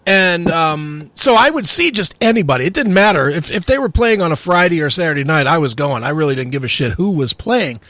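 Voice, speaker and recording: A man's voice: a little high, fairly quick, few pauses, no echo. A middle-aged man, a metal radio host, telling stories with lots of swearing in a casual podcast chat. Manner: profane, animated storytelling.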